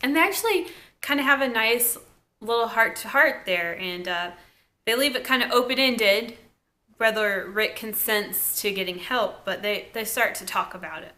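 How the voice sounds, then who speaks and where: A young woman with a Southern US accent, casually recapping a TV episode in a chatty, relaxed way. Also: a little high, normal speed. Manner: chatty, relaxed, lots of "like" and "kinda". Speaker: TV episode reviewer.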